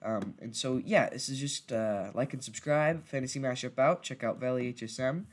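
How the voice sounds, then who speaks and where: Male gaming creator, mid-pitched, rambly and halting, keeps restarting sentences. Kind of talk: casual gameplay narration.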